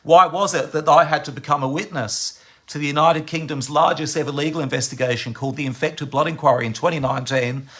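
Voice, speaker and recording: A man's voice: on the high side, steady tone, fast, bright, forceful tone. An Australian man delivering an impassioned, accusatory monologue to camera as a campaigner, often breaking off and restarting words. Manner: accusatory, repeatedly addressing his target as "mate".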